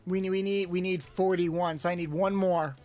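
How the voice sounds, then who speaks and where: A woman's voice: fairly low pitch, fairly even intonation, normal speed, darkish tone, soft background music. A woman streamer chatting casually with her viewers, counting exercise reps aloud and grumbling and joking between sets. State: doing exercises between lines. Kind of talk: casual live-stream chat.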